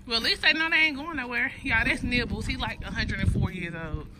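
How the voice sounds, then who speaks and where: A woman's voice: on the high side, brisk. Chatty Southern woman vlogging outdoors. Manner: chatty, addresses viewers as y'all. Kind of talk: casual vlog walkthrough. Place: outdoors on a farm. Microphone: phone camera held by the speaker. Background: farm animals and outdoor noise.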